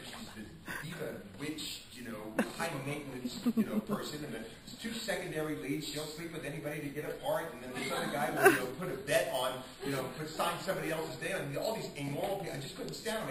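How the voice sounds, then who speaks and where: A male stage actor answering interview questions with animated storytelling, acting out quotes and often restarting his sentences. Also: fairly high pitch, fast, few pauses, over a noisy crowd. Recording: echoey room, distant mic, noisy.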